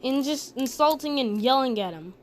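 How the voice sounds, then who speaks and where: A woman's voice: high voice, expressive, normal speed, slight background noise. A woman casually narrating a fan story with chatty rambling asides.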